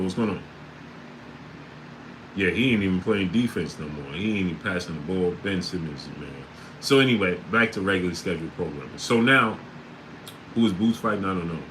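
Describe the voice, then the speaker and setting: A man hosting a casual sports livestream, reading out chat names and breaking into loud disbelief. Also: deep voice, slight background noise, poor audio.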